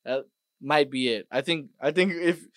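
A man hosting a podcast, ranting casually and profanely, dropping to mutters and then bursting out loud. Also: fairly high pitch, normal speed, no echo, studio quality. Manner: profane, swings between mutters and loud outbursts. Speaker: podcast host. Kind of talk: casual rant monologue.

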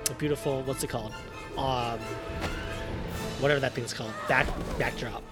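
A man's voice: medium pitch, steady tone, normal speed, over loud music. A man hosting a podcast, giving casual, sarcastic running commentary on a film and laughing often. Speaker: podcast host. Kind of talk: casual watch-along movie commentary.

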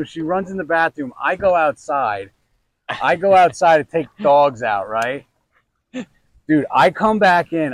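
Animated, foul-mouthed young man. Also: fairly high pitch, dry recording, low-quality recording. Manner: animated, swearing, mimics others in quotes. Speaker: podcast co-host. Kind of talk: casual storytelling chat. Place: outdoors fishing.

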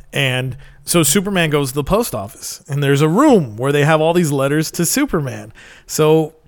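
A man's voice: fairly high pitch, no room sound. Chatty man, dry close sound. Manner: rambling, enthusiastic storytelling with many fillers. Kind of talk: casual chat.

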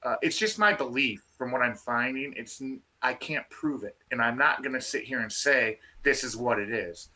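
A man telling a field story in a casual, animated way, restarting his sentences often. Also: medium pitch, normal speed, few pauses. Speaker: field researcher guest.

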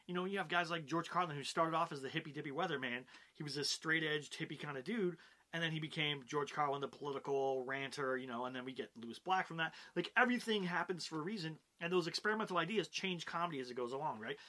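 A man hosting his own comedy-business show, chatting straight to his viewers. His voice sits a touch high for a man and rings bright and forward. He keeps checking in with the audience with quick "right?" and "you know" tags. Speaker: host of a show about comedy. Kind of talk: casual talking-head explainer.

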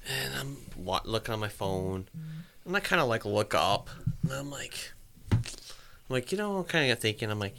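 A man's voice: on the low side, vocal fry, pushed and bright, a little hiss or hum. A man casually telling a long story, rambling and swearing, and acting out his own thoughts.

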